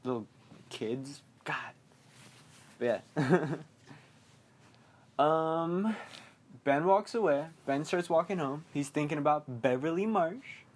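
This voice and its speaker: A young man rambling through a film recap on his podcast. He talks loosely, with lots of fillers, and keeps slipping into quick mock quotes of the characters. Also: a little high, animated. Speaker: podcast host.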